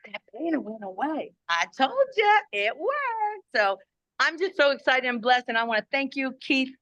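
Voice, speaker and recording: A woman in her sixties telling a personal testimony on a call from home, chatty and animated, acting out quoted lines with big jumps in pitch. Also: no echo. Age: 60s. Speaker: guest giving a testimony. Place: at home doing laundry.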